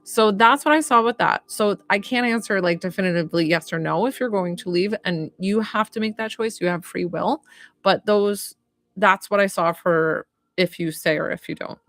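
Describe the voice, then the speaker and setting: A woman giving a live psychic reading in a loose, chatty way, full of "like" fillers. She speaks at a middle pitch and sounds dry and close to the mic. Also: moderate pace, fairly bright tone, no room sound. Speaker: psychic medium.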